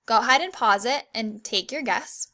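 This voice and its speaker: A young woman teaching an online grammar lesson to children, clear and encouraging, reading the examples slowly. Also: a little high, bright, forceful tone.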